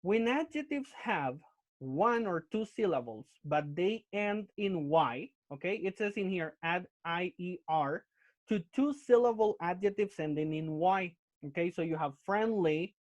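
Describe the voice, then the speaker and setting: A man with a high, unhurried voice and lively intonation teaches English grammar in an online class, explaining step by step and checking in with "okay?" after each point. He's heard through a computer mic on a video call, so the audio is muffled and lo-fi.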